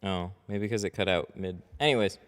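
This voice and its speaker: A man's voice: sits low, moderate pace. A man who runs a window tint shop, chatting casually and rambling on a livestream while he works, often laughing. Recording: echoey reverberant workshop.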